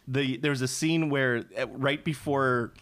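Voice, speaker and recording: A man's voice: mid-range voice, fairly even intonation, slow, a bit bright. A young man in casual chat, rambling with fillers and joking.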